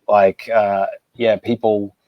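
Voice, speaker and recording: A man's voice: fairly low pitch, level tone, slow, no echo, dull audio. A man co-hosting a podcast, speaking bluntly and swearing when annoyed. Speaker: podcast co-host. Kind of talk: casual podcast chat.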